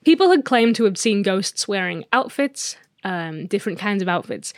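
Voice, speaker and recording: A woman's voice: medium pitch, expressive, dry recording, studio quality. Playful woman telling spooky tales. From England. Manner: playful, teasing, dramatic pauses. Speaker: podcast co-host. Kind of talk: casual storytelling chat.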